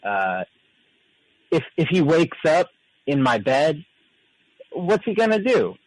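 A man's voice: on the high side, very animated, takes it slowly, no echo, poor audio. A man calling in to a talk show, talking in a hesitant, stammering, easygoing way. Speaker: caller. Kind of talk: casual phone-in chat.

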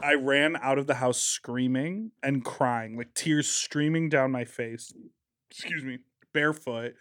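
A man's voice: mid-range voice, normal speed, no room sound, studio quality. A young man from Chicago, co-hosting a casual chat and telling profane stories full of fillers. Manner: animated, profane storytelling with many fillers. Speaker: podcast co-host.

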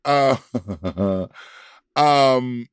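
A man co-hosting a casual podcast chat, animated and drawling, laughing often. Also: medium pitch, very slow, clear, resonant tone, no echo. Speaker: podcast co-host.

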